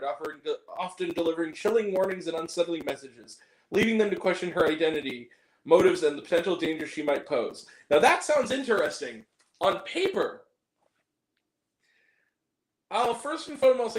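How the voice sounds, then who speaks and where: A man hosting a casual movie review show, talking in an animated, joking way with mock-angry rants. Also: high-pitched, fairly quick, reverberant, poor audio.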